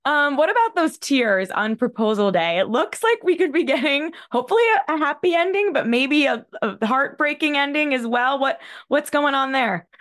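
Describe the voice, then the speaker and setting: A woman hosts a casual interview with a chatty, upbeat manner. Her voice sits a bit high for a woman, and she moves easily from one question to the next. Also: expressive, moderate pace, few pauses, a bit bright. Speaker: podcast host.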